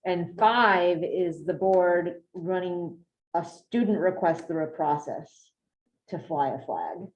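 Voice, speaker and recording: A woman on a board explaining the difference between policy options clearly. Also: on the low side, expressive, slow pace, a little hiss or hum. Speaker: board member. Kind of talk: meeting discussion. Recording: dull, roomy lo-fi recording.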